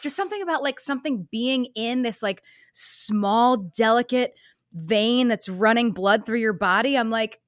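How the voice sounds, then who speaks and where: Chatty young woman, bright high voice. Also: moderate pace, dry recording, clean studio sound. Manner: chatty storyteller, acts out quotes with many fillers. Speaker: podcast co-host. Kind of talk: casual chat.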